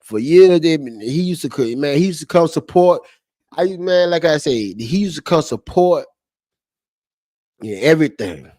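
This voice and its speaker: A man's voice: a little high, lively intonation, moderate pace, dark tone, no echo, studio quality. A man live-streaming to his chat, talking heatedly and profanely and repeating his points over and over. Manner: heated, profane and repetitive, restating each point. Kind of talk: unscripted live-stream commentary.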